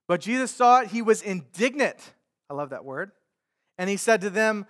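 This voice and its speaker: A man's voice: sits high, lively intonation, normal speed. A male pastor preaching a sermon in a conversational way, paraphrasing scripture in everyday speech.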